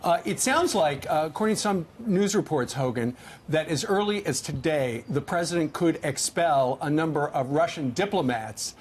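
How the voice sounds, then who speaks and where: Tv news co-host guy, a bit high voiced, rambles and trips over words, faint hiss. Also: lively intonation, normal speed. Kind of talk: live TV news interview.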